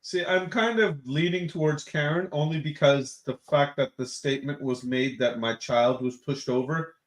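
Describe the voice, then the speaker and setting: A man's voice: fairly high pitch, normal speed. Playful man in casual banter. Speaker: co-host. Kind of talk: casual chat.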